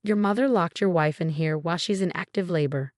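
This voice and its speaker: A woman's voice: lowish voice, fairly quick, no echo, clean studio sound, close to an everyday voice. A woman voicing a protective sister-in-law who speaks urgently and sharply.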